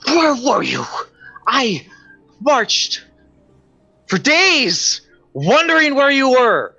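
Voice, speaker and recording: A man voicing a fierce female mouse captain who scolds sharply and loudly. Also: fairly high pitch, extremely slow, clear, resonant tone, pitched above the performer's own voice. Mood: furious. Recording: slightly dull audio with faint music.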